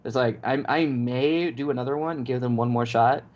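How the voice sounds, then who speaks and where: A man's voice: medium pitch, normal speed, a little mellow. A man co-hosting a podcast, ranting in a casual chat and acting out both sides of the story. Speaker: podcast co-host. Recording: dull lo-fi podcast audio.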